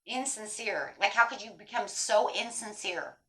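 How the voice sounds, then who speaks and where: A woman's voice: mid-range voice, animated, normal speed, pushed and bright, low-quality recording. A woman giving a tarot reading in a blunt, emphatic way, swearing freely as she talks straight to her viewers. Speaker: tarot reader.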